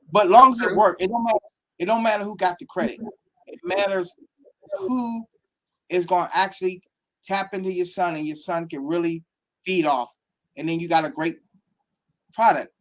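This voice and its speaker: A man, a football academy coach from Pittsburgh, talking casually in an interview and acting out quotes as he tells stories. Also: a little high. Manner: animated storytelling, acts out quotes.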